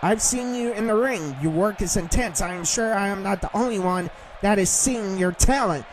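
A man voicing a brash male heel wrestler in a game, throwing shouted taunts and insults. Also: very high voice, big pitch swings, slow, background noise, exaggerated voice. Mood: smooth. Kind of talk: role-play voicing a game character.

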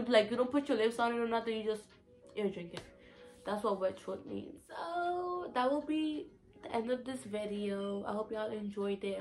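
A young woman from the US Virgin Islands with a Virgin Islands Creole English accent, chatting casually in a vlog and acting out local sayings. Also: mid-range voice. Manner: animated, acts out local sayings in a lively voice. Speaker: vlogger. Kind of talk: casual accent tag video.

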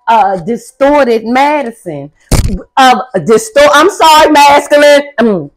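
Blunt high-voiced woman reading tarot. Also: animated, slow, poor audio. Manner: blunt, profane and sassy; emphatic, often loud outbursts. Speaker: tarot reader.

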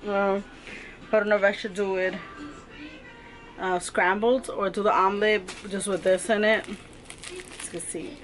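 A woman's voice: mid-range voice, level tone, normal speed, soft background music. A woman vlogging casually at home with a swollen, painful ear and sore throat. She talks with her mouth barely open, a bit muffled. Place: home kitchen.

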